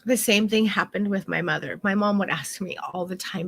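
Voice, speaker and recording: A woman's voice: medium pitch, normal speed, creaky, few pauses. A middle-aged woman photography instructor teaching an online course in a heartfelt, candid way, swearing now and then.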